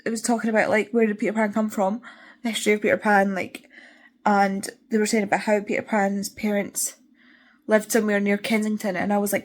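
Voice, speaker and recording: A tired young woman talks to the camera in a loose, rambling way, her nose sniffly as she chats. Her pitch sits in an ordinary middle range. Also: level tone, fairly quick. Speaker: book vlogger. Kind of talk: casual reading vlog.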